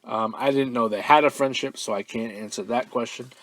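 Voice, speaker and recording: A man hosting a fan-mail podcast, chatting casually with plenty of ums and uhs. His voice sits in a middle register, recorded close and dry with no room sound. Now and then he gets loud and swears with excitement. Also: mid-range voice, a little fast, no room sound. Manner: relaxed and offhand, lots of ums and uhs, bursts into loud profane excitement.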